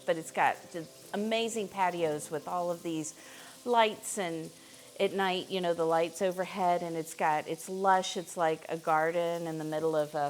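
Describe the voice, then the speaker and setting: A middle-aged woman from Missouri, hosting a live cooking stream in her home kitchen and chatting in a rambling way, with lots of fillers. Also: on the low side. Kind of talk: casual cooking chat.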